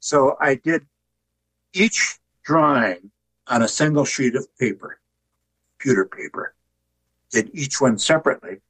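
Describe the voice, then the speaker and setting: An older man, an author and artist, telling stories in a relaxed, folksy interview. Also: mid-range voice, a little slow, long pauses, no room sound, low-quality recording. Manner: folksy, tells jokes with put-on voices.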